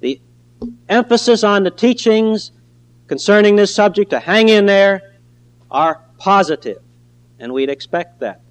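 A man preaching a sermon in an earnest, emphatic way, slowing down on key phrases. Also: high voice, low-quality recording.

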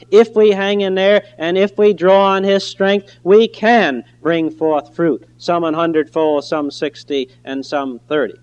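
A man preaching a sermon in an earnest, emphatic way, slowing down on key phrases. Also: high voice, lo-fi sound.

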